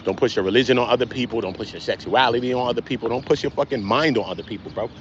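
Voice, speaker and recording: A man hosting a casual livestream, talking straight to his chat in slangy, animated speech. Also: medium pitch, racing, highs cut off, slight background noise. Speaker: livestream host.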